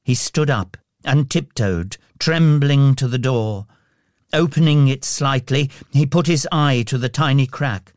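A man narrating a storybook in a slow, expressive way. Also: mid-range voice, no room sound, studio quality.

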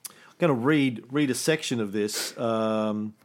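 A man's voice: medium pitch, a little slow. A man co-hosting a history podcast in casual, joking chat, rambling with restarts. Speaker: podcast co-host.

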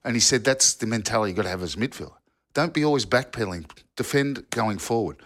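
A former footballer telling old yarns in a casual podcast chat, rambling with restarts and asides. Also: male voice, lowish voice, animated, fast talker, a bit bright. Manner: rambling storyteller with restarts and "you know". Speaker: football pundit, former player.

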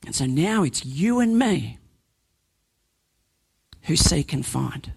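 A man's voice: on the high side, sing-song, takes it slowly, creaky, slightly rough, dry recording. A man preaching a sermon, earnest and emphatic, building points through repetition and sometimes restarting a phrase.

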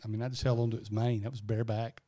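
A man's voice: lowish voice, level tone, racing, mellow. A man, telling stories as a podcast co-host in casual chat, with many restarts. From American South. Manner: rambling storyteller with many restarts.

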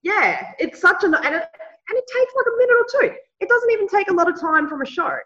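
Woman, eager, enthusiastic, bright voice, lo-fi sound. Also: very high voice, sing-song, a little fast. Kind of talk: casual podcast chat. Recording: dull lo-fi recording.

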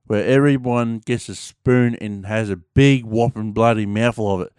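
A man's voice: fairly low pitch, normal speed, darkish tone, smooth, dry recording, studio quality. A man with an Australian accent chatting casually to his audience, rambling and slangy with plenty of fillers. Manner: rambling, laid-back, slangy with many fillers. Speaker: vlogger. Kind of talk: casual chat to camera.

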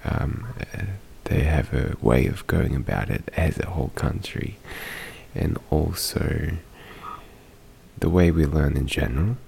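Hushed, gravelly deep-voiced man. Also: measured pace, a little hiss or hum. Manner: hushed, quiet delivery with frequent ums. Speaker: podcast host. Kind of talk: casual podcast monologue. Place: home at night, others sleeping nearby.

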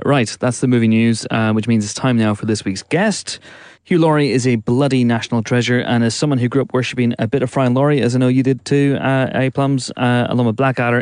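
A man at a middle pitch, talking quickly as he hosts a podcast. He sounds chatty and keen, swearing casually now and then. The sound is dry and close. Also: a little mellow, no echo. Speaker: podcast host. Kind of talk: casual podcast hosting and interviewing. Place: hotel room.

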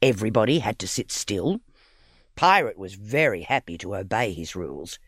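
Lively male storybook narrator. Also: fairly low pitch, moderate pace, slightly rough, no room sound, clean studio sound. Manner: expressive, playful reading. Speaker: audiobook narrator.

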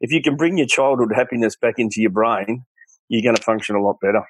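An Australian man in middle age talks openly as an interview guest. His pitch sits in an ordinary middle range, and he tells his stories with animated earnestness, slipping into the voices of the people he quotes. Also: fast, breathy edge, no echo, poor audio. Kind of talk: candid storytelling interview.

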